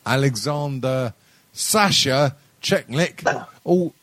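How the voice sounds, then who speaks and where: A man's voice: mid-range voice, lively intonation, slow, fairly bright tone, no room sound. A middle-aged man hosting a podcast, telling a story in a rambling, sweary way and laughing often. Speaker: podcast host. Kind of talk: casual comedic chat.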